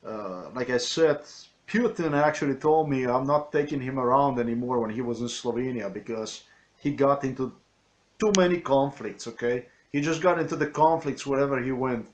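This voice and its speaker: A man's voice: mid-range voice, a bit bright. A man in non-native English giving rambling spoken commentary over video clips, ranting and often correcting himself. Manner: ranting, with frequent restarts and self-corrections.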